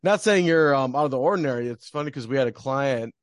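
Casual man interviewer, mid-pitched and reflective, dry close sound. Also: lively intonation, fast talker, no room sound. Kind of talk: conversational interview.

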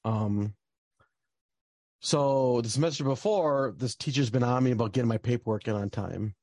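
A man's voice: medium pitch, normal speed, a little mellow, dry recording. A young man telling a personal story in casual talk, rambling with lots of fillers and restarts.

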